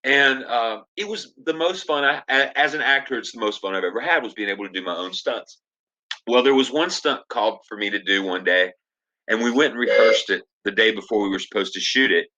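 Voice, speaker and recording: A man who works as an actor, telling stories as a podcast guest in a casual, animated way and acting out the lines of the people he quotes. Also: mid-range voice, a little fast, dull audio. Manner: animated storyteller, acts out quoted dialogue. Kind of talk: casual storytelling interview.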